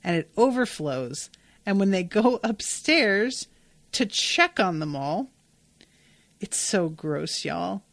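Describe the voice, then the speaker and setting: A woman's voice: mid-range voice, sing-song, slow pace, creaky, no room sound. A woman hosting a podcast and recapping a TV episode in a casual, gushing way, and she swears freely. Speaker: podcast host.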